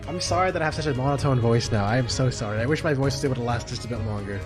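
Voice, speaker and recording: A man chats casually with his viewers while playing, swearing freely. His voice sounds strained and tired, at a middling pitch, with game music clearly behind it. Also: rapid-fire, few pauses. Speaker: streamer. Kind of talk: casual live-stream chat.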